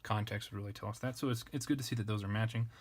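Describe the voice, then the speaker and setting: A man teaching an unscripted grammar lesson, thinking aloud and correcting himself in a relaxed way. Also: fairly low pitch, very fast, slight background noise. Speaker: language teacher. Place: indoors at a desk with a camera.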